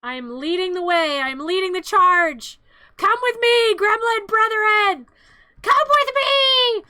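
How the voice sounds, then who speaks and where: A woman voicing a mischievous, menacing male gremlin in a comic film retelling, speaking slowly and boastfully, sometimes shouting. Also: very high-pitched, voice pushed up, full character voice. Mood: rallying. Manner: slow, drawn-out villain boasting, shouting.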